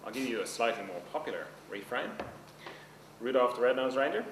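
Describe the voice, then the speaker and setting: A man's voice: mid-range voice, lively intonation, fairly quick, fairly bright tone. A man teaching a seminar class, talking in a loose conversational way and checking in with his listeners often. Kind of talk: seminar lecture. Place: seminar room. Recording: roomy, distant mic with background noise.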